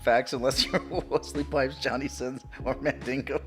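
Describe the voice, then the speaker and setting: A man's voice: mid-range voice, level tone, normal speed, faint music behind. A man chatting casually on a live gaming stream, crude and joking, laughing often.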